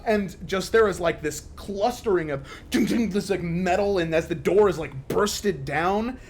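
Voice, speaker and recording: A man narrating a tabletop role-playing game as game master, with lively, stumbling storytelling full of fillers. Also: high-pitched, a little slow, slight background noise.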